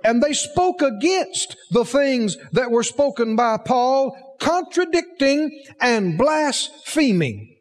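A man's voice: very high voice, sing-song, slow pace, long reverb tail. A man preaching a sermon, emphatic, asking the congregation rhetorical questions.

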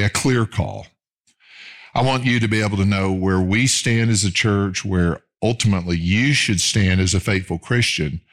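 Man, middle-aged pastor, very deep voice, earnest sermon delivery, slow emphatic phrasing. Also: fairly bright tone.

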